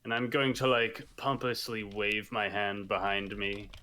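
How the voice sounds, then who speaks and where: Man, tabletop player, slow pace, bright tone, joking. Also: fairly low pitch, level tone, a little hiss or hum. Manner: joking, drawn-out. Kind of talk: tabletop game chat.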